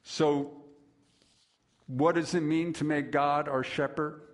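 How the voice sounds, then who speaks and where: A man preaching a sermon, slow and measured, with dramatic pauses and lively storytelling. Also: a little high. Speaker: pastor.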